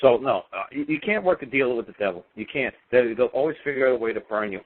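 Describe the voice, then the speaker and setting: A man's voice: mid-range voice, lively intonation, quick pace. A man telling a personal story on talk radio in a defiant, emphatic, repetitive way. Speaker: radio show guest speaker. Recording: tinny phone-line radio sound.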